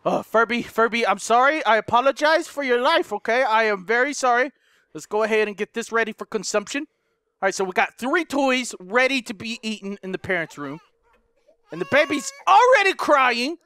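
A young man giving frantic let's play commentary, yelling, swearing and laughing at the game as he plays. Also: very high-pitched, animated, normal speed, smooth, no room sound, studio quality. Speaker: gaming YouTuber.

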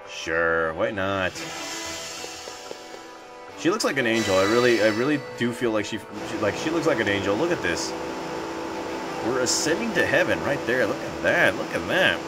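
A hyped-up man commentating his own video game run, boastful and full of repeated catchphrases. His pitch swings widely as he talks, and clear game music plays beneath his voice. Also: very animated, moderate pace, long pauses. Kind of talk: let's play commentary.

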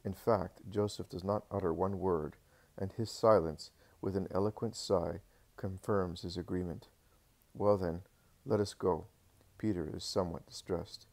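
Brief: male audiobook narrator, very low and gravelly, steady solemn reading. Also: normal speed. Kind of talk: scripted narration of a religious text.

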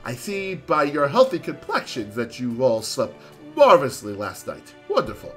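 A man voicing a calm, courteous older male detective in a game's story, speaking in a measured and formal way. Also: mid-range voice, faint music behind, pitched below the performer's own voice. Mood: genteel.

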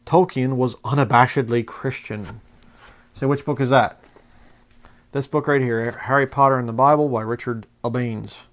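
A man's voice: medium pitch, fairly even intonation, normal speed, fairly bright tone. Fired-up preaching man. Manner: passionate, fired-up, mocking; reads quotes aloud from books. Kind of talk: fiery religious commentary video.

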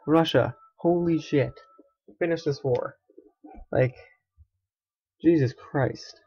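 A man's voice: mid-range voice, slow pace, pauses often, warm tone, husky, no room sound, highs cut off. A young man giving casual, sarcastic commentary while playing a strategy game, often swearing and muttering to himself. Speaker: gaming let's player.

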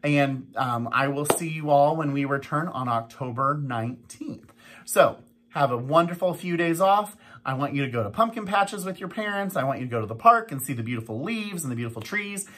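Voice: medium pitch, expressive, brisk, a bit bright. An elementary school principal giving the morning announcements, addressing young children in a coaxing, teacherly way and repeating pleas and instructions for emphasis.

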